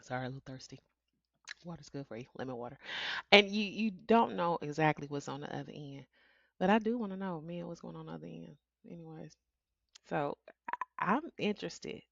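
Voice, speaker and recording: A woman's voice: deep voice, a little fast, vocal fry, fairly bright tone, dry recording, dull audio. A middle-aged woman hosting a solo podcast, talking candidly and chatting with frequent laughs. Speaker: podcast host. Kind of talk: casual solo podcast talk.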